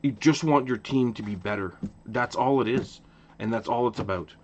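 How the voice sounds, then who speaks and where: A man's voice: medium pitch, moderate pace, highs cut off, slight background noise. A man from Ottawa, Canada, hosting a casual opinion rant to camera, passionate, with lots of repeated restarts. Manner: passionate, repetitive restarts, animated. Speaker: hockey channel host.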